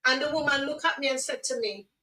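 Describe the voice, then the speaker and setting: A middle-aged Jamaican-accented woman speaks earnestly, with emotion, and often restarts her sentences. Her voice sits high and bright. She sounds a little far from the microphone. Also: fast talker. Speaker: guest. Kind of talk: personal testimony on a radio livestream.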